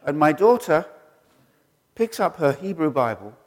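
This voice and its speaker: A middle-aged male preacher tells sermon stories in a fairly high, lively voice that swings all over. He mimics the people he quotes with sudden jumps in pitch. His voice rings through a church hall with a long reverb tail. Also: unhurried. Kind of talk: sermon storytelling.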